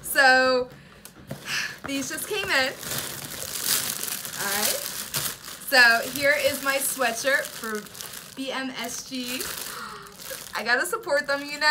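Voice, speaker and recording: A woman's voice: high-pitched, slow pace, long pauses, background noise. Gushing young woman unboxing merch. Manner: gasping, squealing with excitement, breathy asides. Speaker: reaction video host. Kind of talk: excited unboxing chat.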